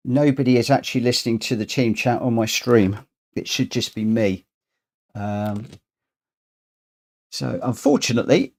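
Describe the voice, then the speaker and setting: A man's voice: medium pitch, creaky. A man chatting casually on a live stream while he plays a racing game, rambling and thinking aloud as he sorts out his settings. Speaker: streamer hosting a racing lobby.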